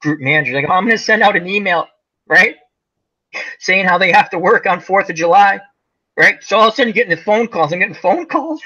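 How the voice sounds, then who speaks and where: A man's voice: sits high, animated, brisk, bright, forceful tone, lo-fi sound. A man hosting a casual chat, telling rambling stories with lots of fillers. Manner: rambling storyteller, many fillers. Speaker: host.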